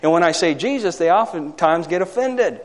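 Preacher, man, raised voice, emphatic sermon delivery with loud peaks and quiet asides, recorded in a church with long reverb. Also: fairly high pitch, expressive, normal speed. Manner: asks the congregation for amens. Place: hall or church.

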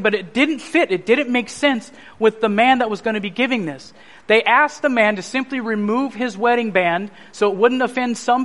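A man preaching a sermon, telling his personal testimony as an animated story and acting out the voices of others. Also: high voice.

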